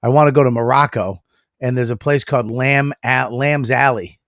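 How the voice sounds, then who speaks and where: A man's voice: medium pitch, steady tone, moderate pace, a bit bright, no room sound. A man with a mid-range voice chats bluntly on a podcast and swears a lot. The recording is close and dry, with no room sound. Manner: blunt, profane, joking. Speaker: podcast co-host. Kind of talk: casual chat.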